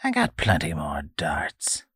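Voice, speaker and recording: A man's voice: deep voice, very animated, slow pace, a bit bright, husky, no room sound, clean studio sound, full character voice. A man doing a cackling toothless old jungle hermit. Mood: menacing. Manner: cackling, hissing threats. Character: toothless hunched old man, snarling menace.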